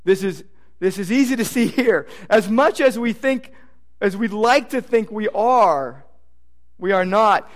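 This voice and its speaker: A man preaching a sermon as pastor, emphatic, repeating phrases and swinging from loud declarations to hushed asides. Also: very high voice, sing-song, moderate pace.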